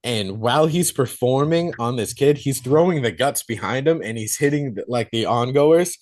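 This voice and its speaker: A man co-hosting a podcast, casually retelling a movie plot in animated detail and swearing freely. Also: mid-range voice, moderate pace. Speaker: podcast co-host reviewing a film.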